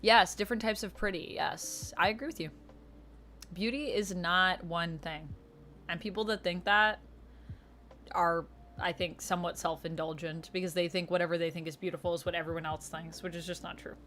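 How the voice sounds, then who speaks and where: A young Canadian woman streaming casually, reading viewer comments aloud and answering them warmly. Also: on the low side, steady tone, normal speed, a little hiss or hum. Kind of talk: casual livestream chat.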